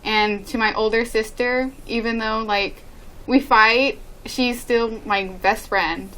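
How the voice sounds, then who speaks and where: A teenage girl with a fairly high voice gives sincere, steady thanks. Her tone stays earnest throughout. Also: slow pace, poor audio. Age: late teens. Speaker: graduating student. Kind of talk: interview answers.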